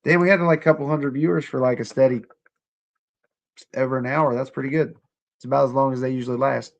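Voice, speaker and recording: A man's voice: mid-range voice, fairly even intonation, fast talker, vocal fry, muffled recording. A young man hosting a casual livestream, sarcastic and profane, talking straight to his chat. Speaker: livestream host.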